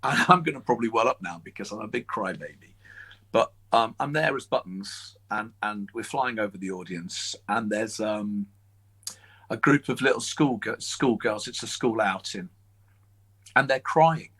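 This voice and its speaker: A man chatting as a guest, telling emotional stories in an animated, lively way. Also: on the low side, moderate pace, breathy edge, poor audio. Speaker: guest, children's TV presenter and magician. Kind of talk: casual chat, storytelling.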